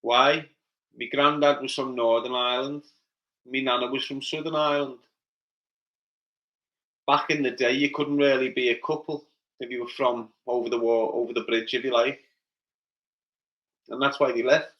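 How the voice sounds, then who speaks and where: With a level, mid-range voice at a moderate pace and many pauses, a middle-aged man from Liverpool, England, hosts a casual livestream in his Scouse accent. He chats, reads out usernames, and answers viewers' comments one by one. The sound is lo-fi.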